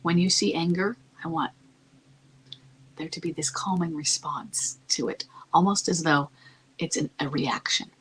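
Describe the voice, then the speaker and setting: A woman giving marriage-coaching advice in a soft, calm, often near-whispered delivery that stays earnest and reassuring. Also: on the low side, husky, poor audio. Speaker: marriage coach answering a listener's question. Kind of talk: advice talk.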